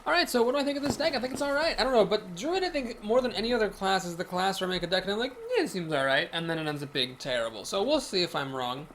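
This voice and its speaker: A man's voice: sits high, animated, racing, hardly any pauses, fairly bright tone, slight background noise. A man talking casually over his card game, thinking aloud, chatty and self-deprecating. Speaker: game video host. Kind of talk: casual gameplay commentary.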